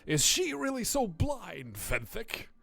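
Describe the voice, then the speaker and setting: A man putting on the voice of a gruff, scornful male cleric while reading game dialogue aloud, overdone and slightly Scottish-tinged. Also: sits high, huge pitch swings, slow, a bit bright, dry recording, pitched above the performer's own voice, exaggerated voice.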